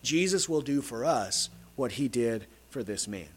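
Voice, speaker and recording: A man's voice: medium pitch, animated, measured pace, husky. A man preaching a sermon, emphatic and repeating his key phrases.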